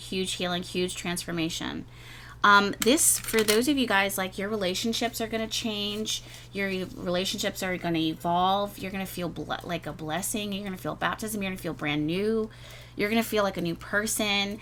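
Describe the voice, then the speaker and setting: Woman tarot reader, middle pitch, rambling gushy delivery, faint room hiss behind. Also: bright, forceful tone. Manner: rambling, gushing, repeats words, many fillers. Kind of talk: casual spoken tarot reading.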